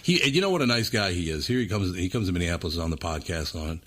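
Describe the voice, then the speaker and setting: A man's voice: low voice, expressive, quick pace. A man hosting a podcast in casual chat, swearing freely and teasing his guest. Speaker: podcast host.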